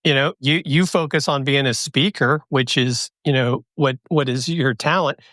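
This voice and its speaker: A man's voice: mid-range voice, normal speed, fairly bright tone, no room sound, clean studio sound. A man co-hosting a business podcast, agreeing and adding casual, filler-laced comments. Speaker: podcast co-host. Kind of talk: casual interview chat.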